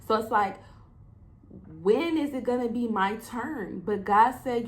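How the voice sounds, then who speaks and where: A woman's voice: fairly high pitch, expressive, moderate pace, poor audio. Young woman host, heartfelt faith talk, voices her exchanges with God. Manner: emotional, preachy, acts out dialogues with God. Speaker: podcast host. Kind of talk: casual solo podcast talk.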